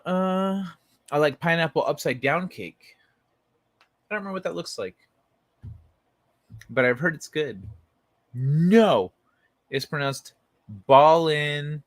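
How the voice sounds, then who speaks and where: A man's voice: mid-range voice, dry recording. A man hosting a late-night livestream from his bed, chatting loosely with viewers and reading their messages aloud. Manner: rambling, laid-back, talks to chat by name. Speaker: livestream host reading chat. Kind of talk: late-night casual chat. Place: at home in bed.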